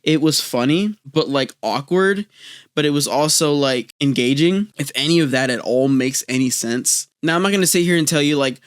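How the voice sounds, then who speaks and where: A man's voice: a little high, fairly quick, clear, resonant tone, no echo, clean studio sound. A young man hosting a casual, comedic anime review, rambling and joking with lots of fillers. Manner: jokey, rambling, many fillers.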